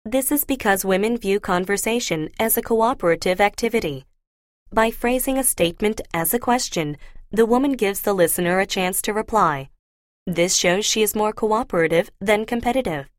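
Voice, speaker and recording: Female lecturer, mid-pitched, measured scripted delivery, dry studio sound. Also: no room sound. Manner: clear, measured explaining. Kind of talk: scripted lecture for a listening test.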